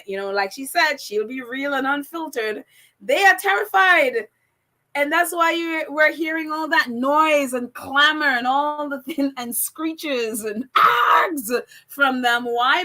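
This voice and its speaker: A woman's voice: high voice, sharp tone. A woman hosting a casual live chat and reading out viewer comments. Her voice jumps all over the place, and she laughs often.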